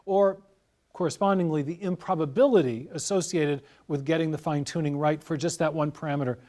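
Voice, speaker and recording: A man as an interview guest, explaining carefully in a measured, lecturing way with worked examples. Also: on the high side, steady tone, a little mellow. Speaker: guest scientist.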